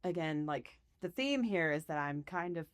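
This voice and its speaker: A woman's voice: deep voice, expressive, normal speed, no echo, studio quality. A woman guest on a podcast, chatting casually and telling stories with frequent laughter. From United States. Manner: chatty, storytelling, laughs often. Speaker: podcast guest, real estate team leader. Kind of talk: casual chat.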